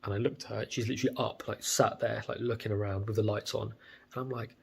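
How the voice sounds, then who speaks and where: Husky-voiced blunt British young man. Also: lowish voice, steady tone, fast talker. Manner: blunt, profane, rambling. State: stuffy with a cold. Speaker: vlogger. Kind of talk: casual monologue to camera.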